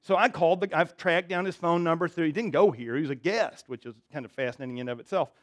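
Male pastor, fairly high voice, delivering a casual, folksy sermon full of asides and self-corrections. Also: quick pace. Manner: conversational and folksy, with frequent restarts and asides. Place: church sanctuary.

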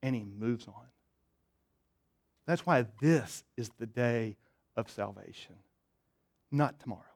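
A pastor delivers a sermon, alternating between loud, emphatic passages and soft, low, intimate ones. He speaks slowly, and his voice is creaky.

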